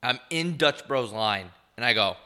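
Congested nasal man, bright-voiced. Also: mid-range voice, lively intonation, measured pace. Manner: rambling, joking, swears freely. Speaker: podcast co-host. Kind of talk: casual chat.

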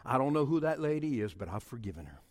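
A middle-aged man delivers a funny, story-driven sermon in a church. His pitch leaps all over the place as he acts out scenes with mock phone calls and noises. A long hall reverb trails every line. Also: quick pace. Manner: animated, acts out his own story with mock quotes and sounds. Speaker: pastor. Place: church sanctuary.

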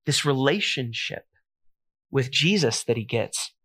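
A man's voice: mid-range voice, expressive, measured pace, fairly bright tone, husky. A man preaching a sermon in a casual, conversational way, mixing scripture with self-deprecating family stories. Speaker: pastor.

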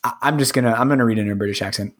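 A man co-hosting a podcast, playful and laughing, with quick quips. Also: mid-range voice. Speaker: podcast co-host. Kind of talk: casual podcast chat.

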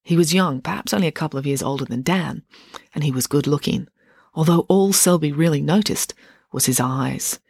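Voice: mid-range voice, normal speed, creaky, husky, dry recording. Author reading aloud at home. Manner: expressive reading, chatty sign-off. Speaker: author reading own book. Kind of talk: audiobook-style reading. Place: home office. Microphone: home setup.

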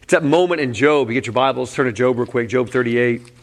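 A man's voice: medium pitch, fairly quick. A man preaching a conversational sermon in a candid, casual way, often saying "man" and breaking into short laughs. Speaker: pastor.

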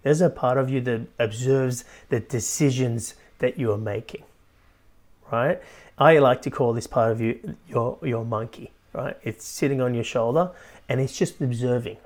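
A man with a mid-range voice speaks at normal speed while hosting his motivational podcast as a life coach, animatedly adding "right?" after his points.

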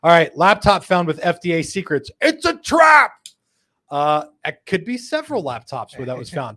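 A man's voice: fairly high pitch, fairly bright tone. Joking man hosting a live show. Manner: joking, laughs often, puts on quick voices for quotes. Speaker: host. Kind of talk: live show, reading viewer comments.

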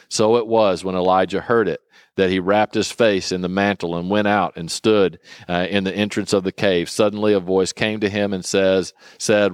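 A man teaches from scripture in a relaxed, conversational way, earnest and reflective. His voice sits a little low and sounds smooth and resonant. The sound is dry and close. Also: no room sound. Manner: earnest, reflective, halting with fillers. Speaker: Bible teacher.

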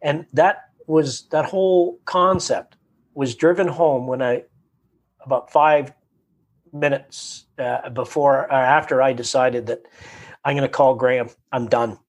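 A man from Canada, a guest in a conversation, telling a story with animated energy, acting out quotes and often repeating his words. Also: mid-range voice, a little slow.

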